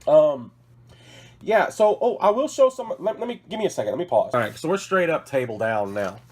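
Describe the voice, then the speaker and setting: A man with a fairly high, brisk voice, lively in intonation, a little mellow with a breathy edge, is sick and coughing. He hosts a casual hobby vlog from his work table, showing off models while rambling, correcting himself, and apologizing.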